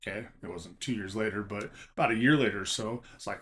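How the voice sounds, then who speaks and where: A man's voice: on the low side, fast, a bit bright, a little hiss or hum. Chatty emphatic man giving hobby advice. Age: adult teaching a college class. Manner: chatty, emphatic, frequent "okay?" asides. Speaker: Pokémon card collector and seller. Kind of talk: casual talking-to-camera advice.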